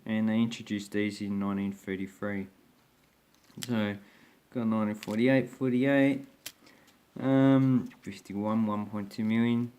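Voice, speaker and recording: Man, fairly low voice, casual show-and-tell talk, rambling, hesitant, restarts a lot. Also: fairly even intonation, unhurried, dark tone, clean tone. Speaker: coin collector vlogger.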